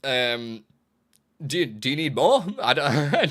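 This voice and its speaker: A man streaming live, talking in a loose, rambling way and often restarting his sentences. His voice is bright and forward, sitting at an ordinary pitch for a man. He laughs easily between thoughts. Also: very animated, takes it slowly. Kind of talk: casual live-stream chat.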